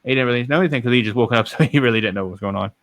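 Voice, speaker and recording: Young male podcast host, mid pitch, smooth, dry close sound, casual storyteller. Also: very fast, no room sound. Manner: rambling, self-correcting storyteller.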